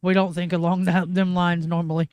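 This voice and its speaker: A woman co-hosting a casual livestream, chiming in with quick playful comebacks. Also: lowish voice, little pitch movement, a little mellow, clean tone, dry recording. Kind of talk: casual chat.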